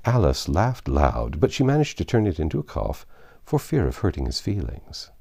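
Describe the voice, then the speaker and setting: A man with a very low, gravelly voice reads a classic storybook aloud. His delivery is theatrical, with wide sweeps of pitch and a dark, mellow tone. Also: normal speed. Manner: expressive, theatrical reading. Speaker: narrator. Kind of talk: scripted narration of a classic novel.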